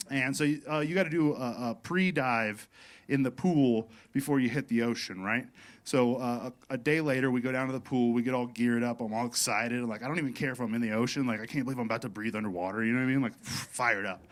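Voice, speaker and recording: A man's voice: mid-range voice, quick pace, fairly bright tone. A male stand-up comedian telling a profane, rambling set in a comedy club, leaning on "you know what I mean" over audience laughter.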